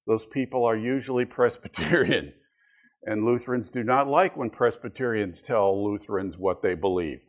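A middle-aged man gives a church history lesson in a relaxed, conversational way. His voice sits at an ordinary mid pitch. He moves between read passages and personal asides with light, easy asides. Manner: conversational, tells anecdotes with asides.

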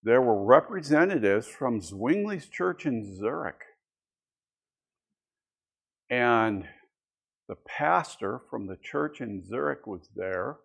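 A man's voice: medium pitch, gravelly, breathy edge. A middle-aged man teaching a church history class in a conversational way, mixing reading with personal anecdotes and asides.

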